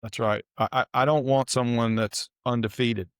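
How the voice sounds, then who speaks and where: A man's voice: mid-range voice, steady tone, moderate pace, clear, resonant tone, no room sound, clean studio sound. A middle-aged man from the Southern United States, a podcast guest telling a personal story in an earnest, reflective way with frequent restarts.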